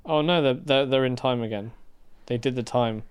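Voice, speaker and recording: A man's voice: medium pitch, normal speed, clear, resonant tone. A man chatting casually and laughing while watching a TV episode, swearing and quoting lines. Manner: laughs a lot, swears, repeats phrases and quotes lines. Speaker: co-host of a watch-along show.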